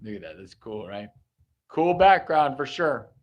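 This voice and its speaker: A man's voice: mid-range voice, sing-song, unhurried, highs cut off. A young man hosting a live music stream, chatting and joking casually with his viewers. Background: live guitar music.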